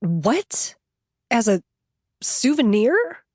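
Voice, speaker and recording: A woman's voice: on the high side, very animated, measured pace, darkish tone, no room sound, clean studio sound, pitched above the performer's own voice. A woman narrator voicing a young woman, a dazed and blunt mourner who answers in an incredulous, matter-of-fact way. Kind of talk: audiobook dialogue reading.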